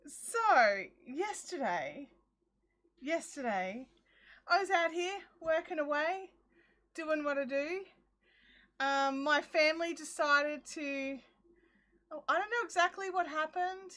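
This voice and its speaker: Bright-voiced woman, chatty storyteller. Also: sits high, a little slow. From Australia. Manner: chatty and animated, acts out her own quotes. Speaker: crafting livestream host. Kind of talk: casual chat, storytelling. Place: backyard craft shed. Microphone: phone.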